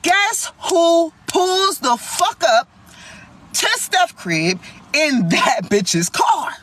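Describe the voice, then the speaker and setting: A young woman telling a story in a vlog, animated, slangy and full of swearing. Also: high-pitched, drawn-out words, a little hiss or hum.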